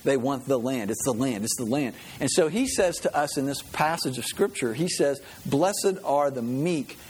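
A man's voice: mid-range voice, moderate pace, breathy edge. A man preaching a sermon in a conversational way, often asking the listeners questions. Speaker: pastor.

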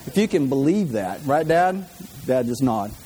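A man's voice: medium pitch, big pitch swings, moderate pace, mellow, slight background noise. A man preaching a humorous sermon in a church, chatty, repeating words and tossing in jokey asides.

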